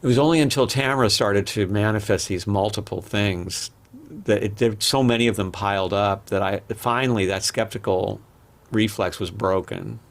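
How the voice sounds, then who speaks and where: A man with a lowish voice, speaking at normal speed, appears as a podcast guest. He tells rambling personal stories candidly and casually, restarting often, in the manner of relaxed interview storytelling.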